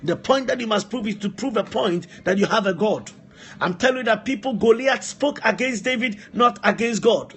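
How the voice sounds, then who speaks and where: A man's voice: sits high, normal speed. A man preaching a live-streamed sermon, repeating phrases for emphasis and breaking off to speak to helpers. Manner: repetitive, emphatic exhortation, asides to helpers.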